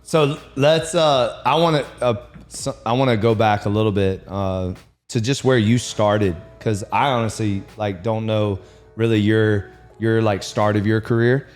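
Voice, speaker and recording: A man hosting a podcast, asking relaxed, hesitant questions full of fillers. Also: lowish voice, a little slow, faint music behind. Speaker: podcast host, former player. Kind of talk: casual podcast interview.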